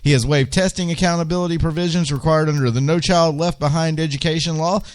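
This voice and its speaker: A man's voice: a little high, steady tone, fast talker. A man hosting a political talk radio show, ranting with indignation and firing off rhetorical questions.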